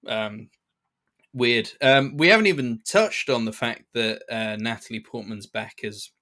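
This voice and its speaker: In a relaxed podcast chat about a film, the male co-host keeps restarting his sentences and leaning on fillers. He has a mid-range voice that sounds pushed and bright, and he moves at a measured pace.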